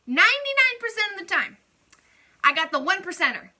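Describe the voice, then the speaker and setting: Young woman, vlog rant; high, very bright tone, chatty and animated. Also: a little fast. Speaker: beauty vlogger. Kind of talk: casual venting vlog.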